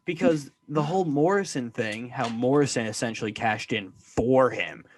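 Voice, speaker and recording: A man's voice: medium pitch, moderate pace, slight background noise. A man co-hosting a podcast, chatting casually about wrestling with wry, skeptical asides. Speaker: podcast co-host.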